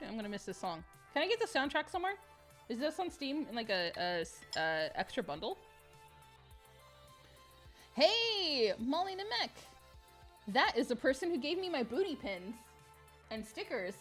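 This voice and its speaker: A bright-voiced woman, pitched a little high, gushes to her live viewers. She chats in a bubbly, excitable way, laughing often, with music playing softly behind her. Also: moderate pace, pauses often. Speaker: streamer. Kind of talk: live game stream chat.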